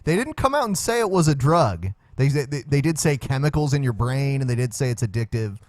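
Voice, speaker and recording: A man's voice: mid-range voice, lively intonation, fairly quick, darkish tone, no echo. A man hosting a podcast in casual, wry chat, laughing often. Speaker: podcast host.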